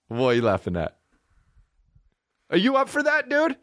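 A man's voice: high-pitched, huge pitch swings, moderate pace, long pauses, a bit bright, dry recording, studio quality. A young man co-hosting a casual comedy podcast, reading personal ads aloud and mocking them in a crude, incredulous way. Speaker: podcast co-host.

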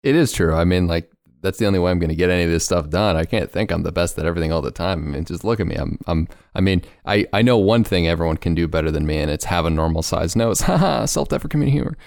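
A man in his twenties hosting a podcast, chatting casually in an animated, joking way with frequent laughs, recorded on a home microphone. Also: sits low, quick pace, hardly any pauses, no room sound, clean studio sound. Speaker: podcast host. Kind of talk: casual chat.

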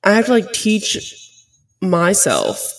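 A woman's voice: mid-range voice, big pitch swings, slow pace, distant mic, low-quality recording. Tearful young woman, mic set back. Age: 20s. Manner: rambling, heavy on "like" fillers, open and confessional. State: tearful, choked up. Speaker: podcast host. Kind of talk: casual solo podcast talk.

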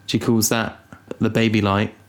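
A young man co-hosting a casual podcast, rambling and teasing with deadpan asides. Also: on the low side, moderate pace. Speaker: podcast co-host. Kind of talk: casual chat.

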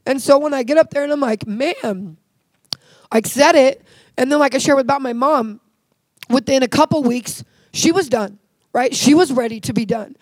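A woman's voice: high voice, fairly quick, darkish tone, dry recording. A woman sharing a heartfelt personal faith testimony in conversation, earnest and full of "like" fillers.

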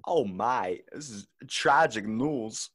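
A man doing a quick impression of a well-known actor, with stop-start phrasing on a comedy podcast. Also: medium pitch, lively intonation, a bit bright, slight background noise. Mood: manic.

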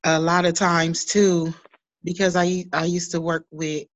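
A woman's voice: fairly low pitch, little pitch movement, unhurried, no echo. A woman in a casual group discussion who runs a daycare, speaking agreeably as she explains her point. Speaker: daycare owner, guest.

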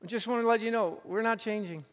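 A man's voice: high-pitched, fast talker, big-room sound. A man preaching a sermon as pastor on a church stage, telling a story earnestly and repeating phrases for emphasis.

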